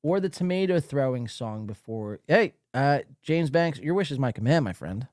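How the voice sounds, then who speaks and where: Animateur de podcast à la voix mobile, moqueur et grossier. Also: male voice, medium pitch, normal speed, no room sound, studio quality. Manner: profane, mocking, animated. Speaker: podcast host. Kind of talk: crude casual commentary.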